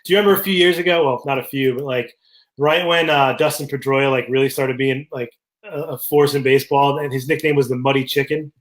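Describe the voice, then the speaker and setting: A man's voice: medium pitch, steady tone, a little fast. A man co-hosting a casual show, telling rambling anecdotes with many fillers. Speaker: podcast co-host. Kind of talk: casual chat.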